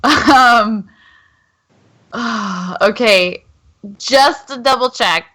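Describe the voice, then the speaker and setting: A woman's sharp, high-ish voice moves very slowly. She's a player in a casual tabletop game, chatty yet hesitant, checking the rules and saying um a lot.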